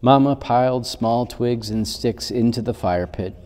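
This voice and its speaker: A male pastor giving a children's sermon, reading a storybook gently and unhurriedly. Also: medium pitch, a little slow, big-room sound.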